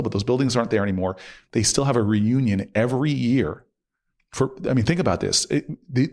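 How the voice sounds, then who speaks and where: A man in his forties, a guest in an interview, telling a story in a casual, animated way with frequent laughs and restarts. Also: on the low side.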